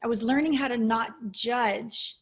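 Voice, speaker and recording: A woman's voice: fairly high pitch, steady tone, unhurried. Earnest woman coach sharing her story. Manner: earnest, reflective, openly emotional. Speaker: intimacy coach, guest. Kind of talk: interview storytelling.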